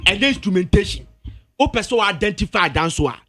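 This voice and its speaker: Animated, high-voiced Ghanaian man debating. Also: fast talker, dry recording. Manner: emphatic, insistent, repeats himself to hold the floor. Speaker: radio studio guest, music pundit. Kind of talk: heated entertainment-show debate. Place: radio studio.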